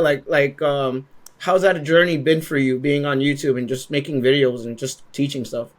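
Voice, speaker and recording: A man's voice: on the high side, flat delivery, moderate pace. A young adult man asking questions in a casual conversation, often repeating and restarting his words. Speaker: interviewer.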